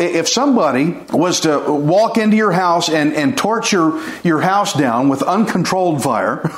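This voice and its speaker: A man preaching an informal sermon, earnest and pleading, with folksy chuckles. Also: high-pitched. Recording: echoey room.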